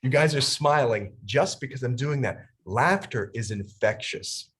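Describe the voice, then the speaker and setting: A young adult man from New York leading a laughter yoga session on a video call. He talks with lively energy, laughing through his words and breaking into ha-ha chants. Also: mid-range voice, a little slow. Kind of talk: energetic instructional talk.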